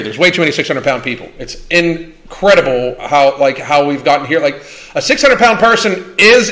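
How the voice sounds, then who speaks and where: A man's voice: high-pitched, pushed and bright. A man hosting a livestream Q&A, talking in a blunt, profane and combative way. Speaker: livestream host. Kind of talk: livestream Q&A rant.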